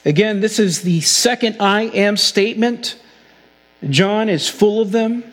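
A man with a high voice preaches a sermon in an earnest way, slowing down to press his key points home. His voice rings with the long reverb of a large hall. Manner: earnest preaching, slows for emphasis. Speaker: pastor.

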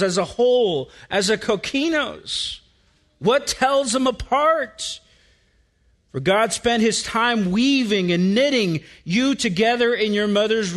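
A man preaching a sermon, explaining a Bible passage verse by verse with deliberate, emphatic repetition. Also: high-pitched, fairly bright tone. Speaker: pastor.

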